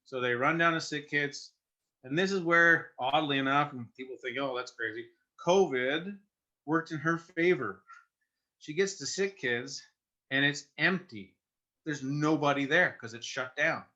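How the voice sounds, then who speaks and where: A middle-aged man, telling a personal story as a guest in earnest, halting conversation with restarts. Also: a little high, pushed and bright. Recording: muffled lo-fi sound.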